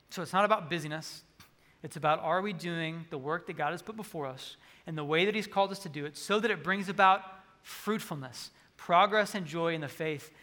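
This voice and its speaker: In a large hall with long reverb, a male pastor delivers a sermon, sharing a personal story in earnest and voicing the dialogue himself. His voice sits high, with a bright, forceful tone.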